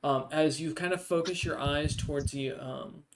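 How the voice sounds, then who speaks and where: Guy gm narrating a tabletop game, kinda high voice, lots of ums. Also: normal speed. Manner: hesitant, full of ums and uhs. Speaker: game master.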